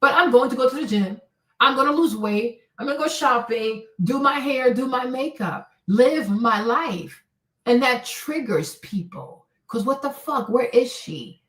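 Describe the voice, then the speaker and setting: A woman's voice: sits high, animated, unhurried, a bit bright, distant mic. Brash, profane woman streamer in an echoey room. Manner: brash, profane, emphatic and mocking. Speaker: livestream host. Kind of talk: blunt advice livestream.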